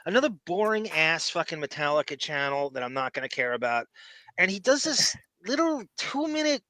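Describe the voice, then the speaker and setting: Bright, lively-voiced sarcastic man. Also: fairly high pitch, no echo. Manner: crude, sarcastic, quick joking asides. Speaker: podcast co-host. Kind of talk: casual chat.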